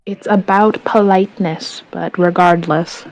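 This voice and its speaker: A woman playing a tabletop game, describing things in a rambling, halting way full of restarts. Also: lowish voice, fairly even intonation, poor audio. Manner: rambling, halting, self-correcting. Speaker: player. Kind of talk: casual tabletop game chat.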